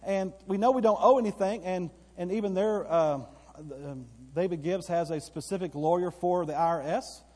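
A man preaching a sermon to his church, telling a story that rises into excited bursts. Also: high voice, normal speed, hardly any pauses. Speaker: pastor. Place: church sanctuary. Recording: long reverb of a church hall.

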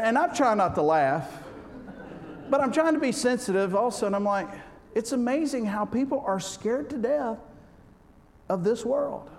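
A man preaching a humorous sermon, folksy and joking, swinging between loud and soft. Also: a little high. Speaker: pastor. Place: church sanctuary. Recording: reverberant hall with faint background noise.

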